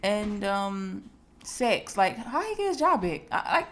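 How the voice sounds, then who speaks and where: A woman's voice: medium pitch, big pitch swings, slow pace, fairly bright tone. Young female co-host, hesitant and teasing, casual chat, faint background hiss. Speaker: podcast co-host. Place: home, at a table.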